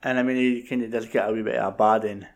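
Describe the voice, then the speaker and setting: Male co-host, gravelly voice, hesitant casual film talk. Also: on the low side, steady tone, fast talker. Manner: hesitant, searching for words. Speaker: podcast co-host.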